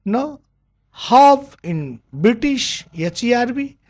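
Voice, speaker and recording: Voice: mid-range voice, lively intonation, normal speed. A teacher with a Nepali accent, a native Nepali speaker, giving an English lesson. The teacher spells words out letter by letter, repeats them over and over and often stops to correct a word.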